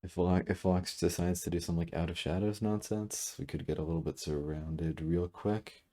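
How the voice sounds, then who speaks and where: A man commentating his own game at his computer, thinking out loud, correcting himself and trailing off with fillers, seated a little back from a desk mic. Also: sits low, fairly even intonation. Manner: musing, self-correcting, halting with fillers. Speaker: gameplay commentator. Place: room at a computer. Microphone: desk mic, sitting back from it.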